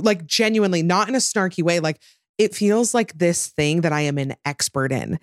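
Podcast co-host, young woman, lowish voice, chatty, dry close sound. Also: moderate pace, dry recording. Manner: chatty, animated, many "like" fillers. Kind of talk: casual chat.

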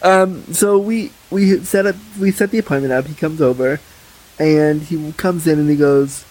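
Husky, blunt man telling candid stories. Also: fairly high pitch, normal speed, rough recording. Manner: candid, blunt, animated storytelling. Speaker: podcast guest. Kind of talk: casual podcast chat.

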